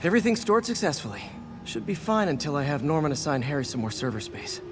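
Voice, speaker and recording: An actor voicing an energetic young masked hero in a video game, quick and quippy. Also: male voice, fairly high pitch, noisy background. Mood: upbeat. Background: game music.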